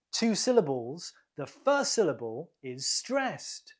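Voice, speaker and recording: Slow, breathy British woman teaching. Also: lowish voice, sing-song, darkish tone. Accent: British English. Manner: deliberate, repeats each word for learners. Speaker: English teacher hosting a quiz. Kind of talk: slow, clear quiz teaching.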